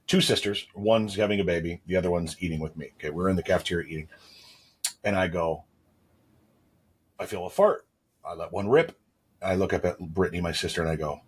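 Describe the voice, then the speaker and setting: Thirties guy with a husky lowish voice, rambling podcast chat, jokey asides. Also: brisk, pauses often. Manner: rambling storyteller, playful asides. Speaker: podcast co-host. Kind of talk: casual chat.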